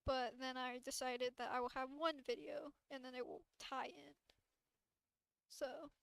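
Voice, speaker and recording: A young woman chatting casually on a livestream as the channel's streamer, rambling in a relaxed way with many restarts. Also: sits high, measured pace, creaky, clean tone, no room sound.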